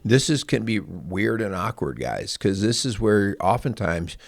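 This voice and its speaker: Middle-aged man, deep voice, reflective counselor co-host, dry close mic. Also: sing-song, dry recording. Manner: measured, reflective, with occasional throat clearing. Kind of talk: casual parenting podcast chat.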